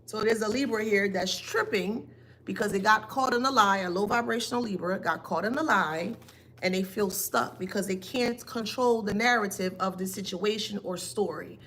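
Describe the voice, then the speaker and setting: A woman's voice: medium pitch, moderate pace, fairly bright tone, a little hiss or hum. A woman giving a spiritual reading, taunting and emphatic, asking pointed rhetorical questions. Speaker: tarot reader.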